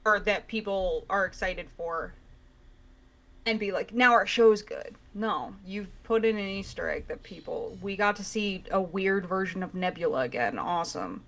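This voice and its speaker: A woman in casual podcast chat, ranting with animated exasperation. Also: on the low side, normal speed.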